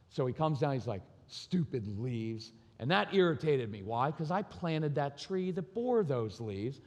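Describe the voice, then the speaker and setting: A middle-aged man with a fairly high voice tells joking, self-deprecating stories to a live conference crowd. He speaks in a large hall, and long reverb trails his words. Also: a little mellow. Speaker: parenting speaker. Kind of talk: conference talk, storytelling.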